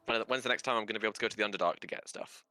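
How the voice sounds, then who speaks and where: Fast-talking bright man player. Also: lowish voice, dry recording. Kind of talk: casual tabletop game chat.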